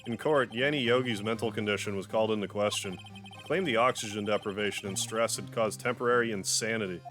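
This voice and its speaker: A man voicing a haunted young prosecutor in a game, speaking in a grave, measured way. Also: lowish voice, a bit bright, faint music behind, lightly acted.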